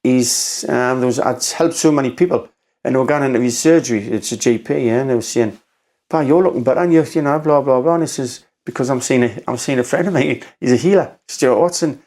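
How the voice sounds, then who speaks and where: Geordie bloke spinning a long yarn on a podcast, keeps restarting, mid-pitched normal voice. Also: male voice, a little mellow. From Newcastle, England. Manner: rambling, halting, acts out quotes with "I says". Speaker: podcast guest. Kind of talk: casual storytelling conversation.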